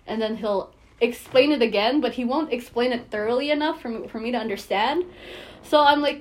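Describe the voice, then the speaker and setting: A young woman co-hosting a podcast, telling lively stories, swearing and laughing often. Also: fairly high pitch, normal speed. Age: young adult. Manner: animated storytelling, swears a lot, laughs often. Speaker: podcast co-host. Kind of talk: casual chat.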